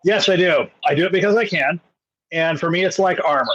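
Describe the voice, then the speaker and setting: A man's voice: a little high, brisk, a bit bright. A man calling in to a podcast, wry and confident, a bit hesitant when asking his question. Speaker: caller. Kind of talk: live call-in question. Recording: dull remote line, faint noise.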